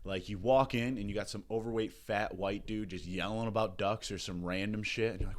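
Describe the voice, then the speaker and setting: A man's voice: on the low side, fairly even intonation, fairly quick, few pauses. A young man riffs through a satirical comedy monologue as a podcast host. His delivery is sarcastic and rambling, and he swears freely and trips over his own restarts. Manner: sarcastic, rambling, profane, with frequent laughs and restarts.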